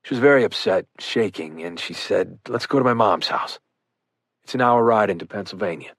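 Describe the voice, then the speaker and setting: A man's voice: on the low side, animated, normal speed, no echo. Man reading in a dry close voice. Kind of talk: audiobook narration of a firefighter's testimony.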